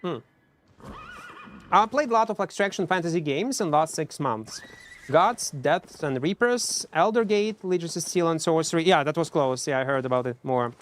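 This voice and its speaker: A man's voice: fairly high pitch, lively intonation, moderate pace. A man streaming a game, chatting casually and mocking himself, answering chat and humming between plays, in non-native English. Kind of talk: casual live-stream chat while playing.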